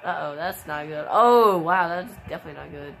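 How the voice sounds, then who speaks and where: A woman giving casual play-by-play commentary on a wrestling video game, with excitable exclamations and sudden shrieks. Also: low-pitched, brisk, gravelly. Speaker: gameplay commentator.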